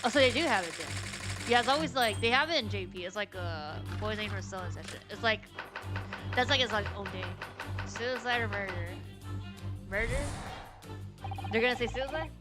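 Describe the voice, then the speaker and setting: A woman's voice: mid-range voice, lively intonation, normal speed, long pauses. A woman streamer chatting casually with her viewers in a rambling, filler-heavy way. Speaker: VTuber streamer. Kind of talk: casual game stream chat. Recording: game music behind the voice.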